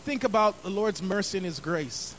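A man's voice: high voice, lively intonation, normal speed, a bit bright, a little hiss or hum. A middle-aged man preaching a sermon as pastor, emphatic and repeating key phrases for stress.

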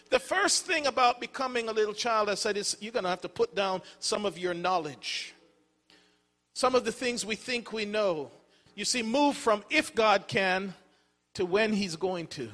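A man's voice: sits high, expressive, normal speed, bright, forceful tone, long reverb tail. A middle-aged man preaching a sermon as pastor, telling folksy stories with casual asides. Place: church sanctuary.

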